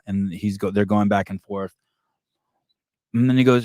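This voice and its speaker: Male podcast host, lowish voice, dry close sound, loose rambling chat. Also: fairly even intonation, a little fast, a little mellow, dry recording. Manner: rambling, storytelling with frequent restarts and fillers. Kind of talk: casual chat.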